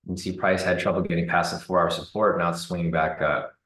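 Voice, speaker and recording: A man giving relaxed live commentary on a trading chart, thinking aloud with fillers. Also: low-pitched, fast talker, echoey room, poor audio. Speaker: trading streamer.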